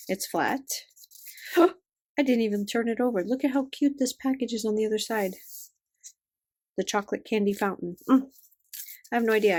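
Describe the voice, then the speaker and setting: An older woman chatting quietly and fondly as she unboxes stickers and tape, keeping her voice down. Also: mid-range voice. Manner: hushed, gushing, fond. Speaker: vlogger. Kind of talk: casual unboxing chat.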